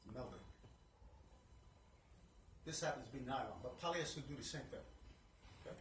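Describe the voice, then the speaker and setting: A man's voice: medium pitch, moderate pace, a bit bright. Chatty man teaching in a noisy shop. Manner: chatty storytelling, repeats himself. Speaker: fabric shop owner teaching a class. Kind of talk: informal hands-on demonstration. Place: fabric shop, indoors. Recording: roomy, distant mic, noisy shop.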